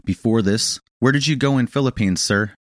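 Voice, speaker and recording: Casting: polite young female boat guide, formal and respectful, raised pitch, voiced by a male narrator. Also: moderate pace, dry recording, clean studio sound, close to an everyday voice. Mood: reassuring. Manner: formal, deferential, calls him sir. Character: polite young local woman guiding a boat.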